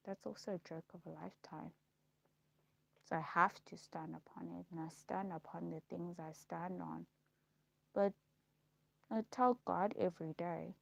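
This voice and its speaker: Gravelly-voiced woman ranting. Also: on the low side, slow pace, pauses often, darkish tone, no room sound, dull audio. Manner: rambling and repetitive, circling back on her words. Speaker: vlogger. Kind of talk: casual rant to camera.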